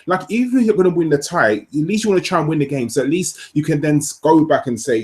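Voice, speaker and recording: A man's voice: a little high, fast, hardly any pauses, darkish tone. A man on a football podcast panel, speaking casually and colloquially with passionate exasperation.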